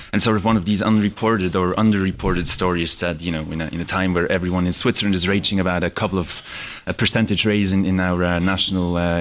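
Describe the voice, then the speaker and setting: Man, foreign correspondent, deep voice, faint background noise, earnest. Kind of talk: casual studio conversation.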